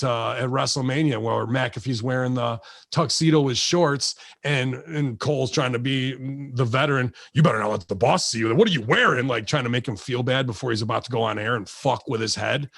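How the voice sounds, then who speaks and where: A man's voice: mid-range voice, vocal fry, no room sound, clean studio sound. A man in his forties, a wrestling veteran guest on a casual podcast, swearing freely and acting out voices as he tells stories. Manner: profane, animated, acts out voices in stories.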